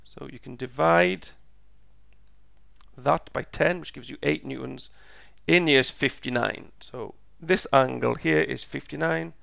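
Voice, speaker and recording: Slow, gravelly-voiced man teaching. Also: mid-range voice, a bit bright, dry recording, clean studio sound. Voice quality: gravelly, croaky. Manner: slow, patient, repeats steps. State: voice going hoarse. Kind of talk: step-by-step physics lesson.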